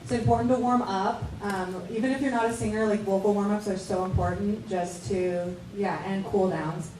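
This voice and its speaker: A chatty woman voice actor talks loosely on a convention panel. She is picked up by a distant mic in an echoey hall, with clear hiss behind her. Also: medium pitch, steady tone, normal speed. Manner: chatty, filler-heavy. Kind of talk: casual panel talk.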